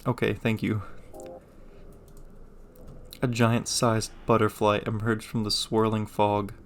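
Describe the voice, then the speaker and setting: A man playing a game, reading its text aloud with deadpan, joking asides. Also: on the low side, takes it slowly, slight background noise. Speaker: gamer.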